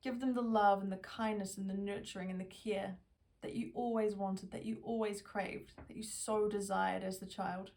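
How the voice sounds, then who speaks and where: A woman therapist giving a self-help lesson in a gentle, slow, reassuring way. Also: medium pitch, steady tone, vocal fry, recorded from a distance.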